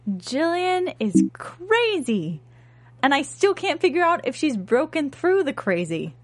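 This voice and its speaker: A woman co-hosting a casual show about a TV series, lively and opinionated as she talks through her theories. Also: sits high, normal speed, no echo. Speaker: podcast co-host discussing a TV series. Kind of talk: casual chat.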